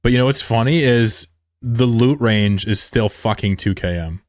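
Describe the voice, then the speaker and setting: A man's voice: medium pitch, moderate pace, dry recording, clean studio sound. A man streaming a game, chatting casually with his audience in a rambling, profane way and chuckling often. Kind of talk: casual live-stream commentary.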